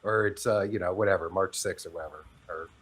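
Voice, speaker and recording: A man hosting a podcast interview, excitable and rambling, swearing often. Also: low voice, quick pace, slightly rough. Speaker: podcast host.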